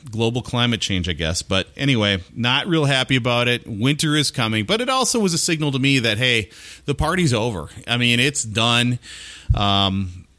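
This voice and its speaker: A man's voice: fairly low pitch, fairly bright tone, dry recording. A man hosting a podcast, talking casually and chattily about gardening, rambling with fillers. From Minnesota. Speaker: podcast host.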